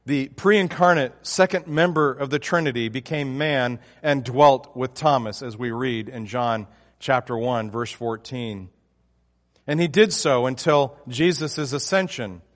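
A man's voice: mid-range voice, measured pace, big-room sound. A man preaching a sermon, emphatic and often restarting his phrases. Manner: emphatic, with frequent restarts and fillers.

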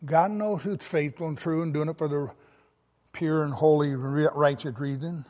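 A man's voice: on the high side, fairly even intonation, normal speed, darkish tone, big-room sound. A man preaching a sermon, reading scripture aloud and stressing key words with emphasis. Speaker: pastor.

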